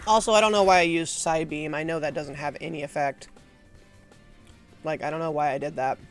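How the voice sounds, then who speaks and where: A woman's voice: deep voice, steady tone, fairly quick, soft background music. A woman streaming a video game, chatting casually with a self-mocking, laugh-prone manner. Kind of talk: casual live gameplay commentary.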